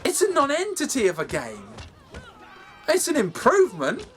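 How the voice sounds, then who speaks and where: A man reviewing a game from his home games room, swearing freely and sounding exasperated. His pitch swings widely as he rants, and his delivery is animated and full of mock outrage. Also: normal speed, a faint crowd. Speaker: gaming video host. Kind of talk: ranting game review over gameplay.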